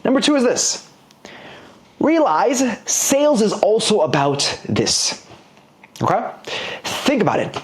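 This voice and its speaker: Animated man giving a sales pep talk. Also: high voice, slow pace, long pauses. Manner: animated and playful, talks straight to the viewer. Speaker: business coach. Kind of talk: motivational sales lesson.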